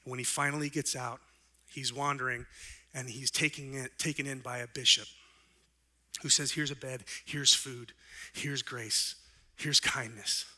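A man preaching a sermon in an earnest way, letting his voice rise and then drop soft, and slowing down for emphasis. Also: medium pitch, fairly even intonation. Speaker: pastor.

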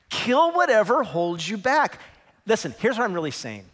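A man preaching a sermon as pastor, with dramatic swings that swell into shouts. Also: high-pitched, huge pitch swings, measured pace. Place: church auditorium. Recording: large hall reverb.

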